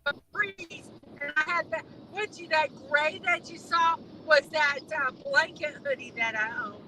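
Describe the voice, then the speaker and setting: A woman's voice: high-pitched, steady tone, normal speed, noisy background. A woman co-hosting a live stream from a car, chatting in a rambling, easygoing way and laughing easily. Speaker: co-host of a live driving stream. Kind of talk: casual chat.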